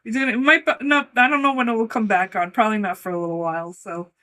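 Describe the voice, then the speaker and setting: A woman's voice: a little high, fairly even intonation, fast talker, sharp tone. A woman co-hosting a casual chat, rambling and giggling often. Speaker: co-host.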